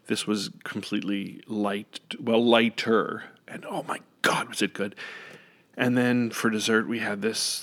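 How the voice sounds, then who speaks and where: Guy rambling through a story on a podcast mic, gravelly and bright, keeps fixing his words. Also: lowish voice. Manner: rambling, self-correcting, laughs often. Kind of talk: casual storytelling monologue. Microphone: studio microphone up close.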